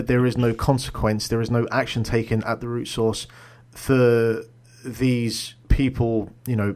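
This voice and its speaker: A man's voice: medium pitch, darkish tone. Rambling man on a podcast chat. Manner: rambling, heavy on fillers like "like" and "you know". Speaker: podcast co-host. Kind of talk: casual chat.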